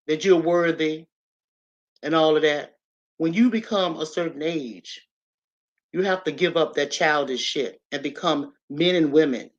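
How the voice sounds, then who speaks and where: A woman's voice: low voice, muffled recording. A woman hosting a livestream, giving a casual, preachy motivational talk, emphatic and repetitive as she addresses her viewers directly. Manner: emphatic and repetitive, talks straight to the audience.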